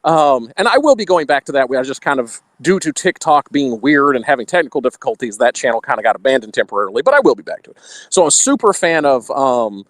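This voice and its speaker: A man's voice: mid-range voice, very animated, quick pace, no room sound. A man from Texas with a Texan accent, a podcast guest chatting casually, laughing between thoughts, with a slight radio voice on.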